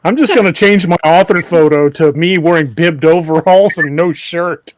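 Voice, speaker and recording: A man hosting a podcast, joking around and telling stories in an animated way. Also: a little high, normal speed, background noise. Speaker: podcast host. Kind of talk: casual podcast conversation.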